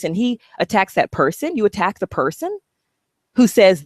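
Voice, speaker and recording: A woman's voice: mid-range voice, very animated, a little fast, darkish tone, dry recording, clean studio sound. A woman giving a heated, profane, sarcastic rant while reacting to a video. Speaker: online commentator. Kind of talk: ranting reaction commentary.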